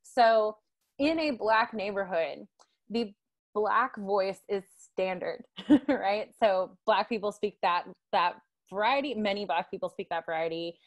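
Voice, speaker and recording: A woman's voice: mid-range voice, unhurried. A woman gives a guest lecture over a video call. She explains things in a loose, conversational way and checks in with tag questions. Her fillers come often. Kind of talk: online lecture.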